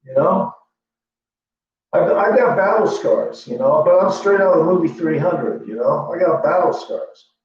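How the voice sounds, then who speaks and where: A man's voice: fairly high pitch, expressive, measured pace, darkish tone. A man rambling in a boastful, profane, meandering casual monologue as a livestream host. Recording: echoey lo-fi room from far off with faint hum.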